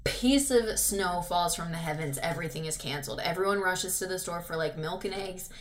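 A woman's voice: fairly low pitch, brisk, slight background noise. A young adult woman co-hosting a podcast, chatting casually and laughing often. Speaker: podcast co-host. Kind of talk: casual chat.

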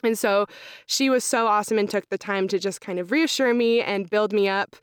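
A woman's voice: mid-range voice, brisk, clear, resonant tone, dry recording, clean studio sound. A young woman, an accounting student, telling her story in a casual interview, chatty with lots of "like" fillers. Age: young adult. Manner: chatty, frequent "like" fillers, reenacts own thoughts.

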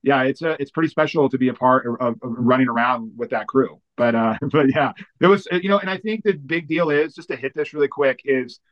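A man who works as a pastor, recounting one story after another, full of "like" and "you know". His voice sits in the middle range. The recording is slightly muffled and lo-fi. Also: medium pitch. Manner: animated, fast-running anecdotes with many fillers. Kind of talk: storytelling in an interview.

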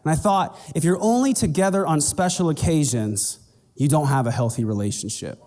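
A man preaching in a casual, talkative way, his voice a little on the high side. The sound carries a long reverb as if from a large church hall. When he plays out conversations with churchgoers, his voice leaps up in pitch. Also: normal speed, dark tone. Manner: conversational preaching, acts out dialogue in a raised voice. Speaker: pastor. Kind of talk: sermon.

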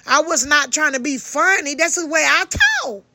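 An older woman from Georgia, telling a heated first-person story loudly, with lots of swearing and restarts. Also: high-pitched, normal speed, dry recording. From Georgia, United States. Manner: loud, heated, profane, many restarts. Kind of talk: angry first-person account.

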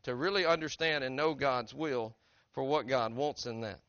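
A middle-aged pastor with a drawl preaches with earnest, conversational warmth, often turning to ask his congregation questions. His voice sits at an ordinary male pitch, captured close and dry. The sound is a little dull and muffled at the top. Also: normal speed, dry recording. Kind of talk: sermon. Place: church sanctuary.

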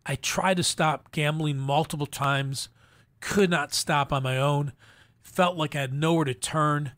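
A middle-aged man telling his personal testimony as an interview guest, in an earnest, halting way with frequent restarts. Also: a little high, fairly even intonation, a bit bright, no room sound. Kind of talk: emotional personal story in a faith interview.

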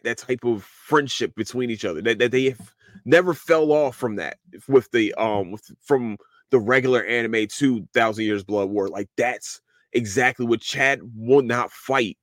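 A man hosting a podcast, casually recapping an anime in a rambling, animated way and swearing freely. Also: mid-range voice, dry recording, studio quality. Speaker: podcast host.

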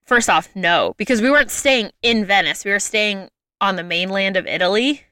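Bright, chatty young woman storyteller. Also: mid-range voice, moderate pace, no room sound, studio quality. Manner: lively, chatty, frequent "like" fillers. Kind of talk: casual chat, telling a travel story.

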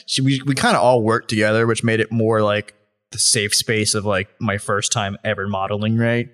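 A man's voice: mid-range voice, brisk, a bit bright. A man co-hosting a podcast in casual chat, acting out quotes and laughing often. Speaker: podcast co-host.

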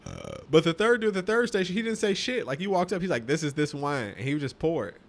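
A man's voice: fairly high pitch, big pitch swings, fast talker. A man telling crude, loose stories. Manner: loose, profane storytelling. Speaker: podcast co-host. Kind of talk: casual crude chat.

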